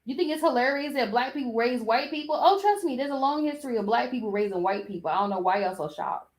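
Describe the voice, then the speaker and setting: Sassy woman podcaster, voice sits a bit high, talks back at clips. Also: lively intonation, fast. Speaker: podcast host. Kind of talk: casual commentary.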